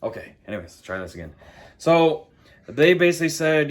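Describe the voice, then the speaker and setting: A man's voice: fairly high pitch, big pitch swings, a little fast. A man vlogging from home, telling a long casual story, rambling and full of "I'm like" and "you know". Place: home, dogs in the background.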